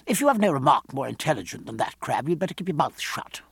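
A man's voice: a little high, sing-song, fast, creaky, slightly rough, dry recording, heavily acted. A man reading the part of a pompous, sneering male envoy in a raised, haughty tone. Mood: scornful.

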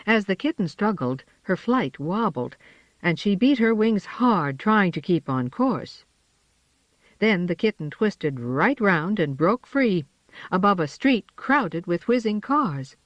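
A narrator reading a children's storybook aloud in a measured, expressive way, in a slightly dull, dry recording. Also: medium pitch, no echo.

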